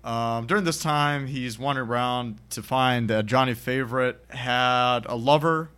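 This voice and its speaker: A man's voice: mid-range voice, measured pace, a bit bright, clean tone. A man on a podcast casually retelling a film's plot, rambling and acting out the characters' lines. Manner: rambling, acts out characters' lines with bursts of laughter. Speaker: podcast co-host recapping a film. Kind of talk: casual chat.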